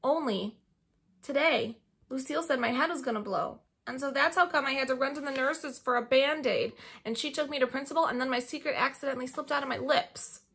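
A spunky little schoolgirl from a storybook, loud and chirpy, tumbling through breathless run-on sentences, as a woman reader voices her. The voice sits high and bright with a husky, gravelly edge. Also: fairly quick, heavily acted. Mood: pleading. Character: spunky little girl kindergartner, blurting, bossy.

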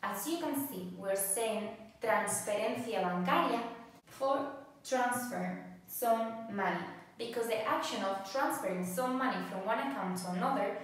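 A woman gives a slow, patient language lesson, saying each phrase twice with care. Her voice sits a little high. She is recorded from some distance in a strongly echoing room. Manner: repeats phrases slowly and clearly. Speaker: Spanish teacher. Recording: very echoey room, distant from mic.

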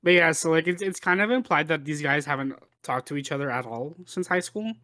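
A man's voice: a little high, fairly quick, sharp tone. A man co-hosting a film podcast, chatting casually and rambling with many restarts. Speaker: podcast co-host. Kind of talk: casual film review chat.

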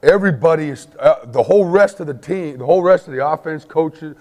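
A man giving a football coaching clinic lecture, emphatic, forever checking in with his listeners and acting out shouted play calls. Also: on the high side, brisk, big-room sound.

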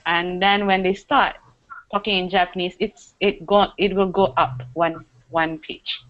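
A woman's voice: lowish voice, little pitch movement, measured pace. A woman hosting a casual online chat, switching between English and Japanese. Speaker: host. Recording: dull lo-fi sound.

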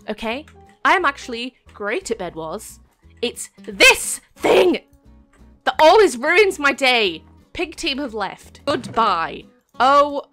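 A woman's voice: fairly high pitch, sharp tone. A young woman giving a chatty, panicky commentary over her own gameplay, with sudden shrieks. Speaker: gaming YouTuber. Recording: faint background music.

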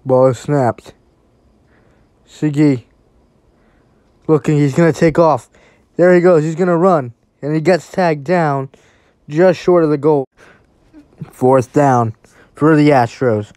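A play-by-play commentator calling a game live, calm on routine snaps and breaking into excited shouts on big plays. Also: medium pitch, takes it slowly, pauses often, no room sound, clean studio sound.

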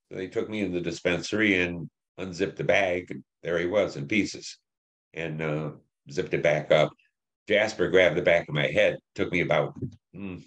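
An older man in his seventies, a veteran from Detroit, telling war memories in an interview, plain and halting with many fillers. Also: sits low. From Detroit, Michigan. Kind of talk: oral history interview.

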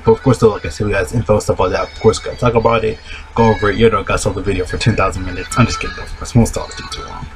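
A man who has just woken up, talking in a low, groggy morning voice and rambling casually about a mobile game, repeating the same filler words over and over. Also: fairly even intonation, rapid-fire. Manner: rambling, repeats "of course" and "though" constantly. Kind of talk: casual rambling video talk. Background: background music.

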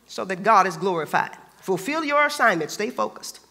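A man's voice: high-pitched, big pitch swings, moderate pace, few pauses, bright, forceful tone, long reverb tail. A man pastor preaching a sermon, emphatic and colloquial, repeating phrases for stress.

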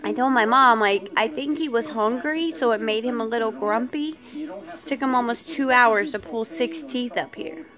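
A woman's voice: on the high side, normal speed, music in the background. A woman vlogger frankly telling a personal story, aggravated at how she was treated.

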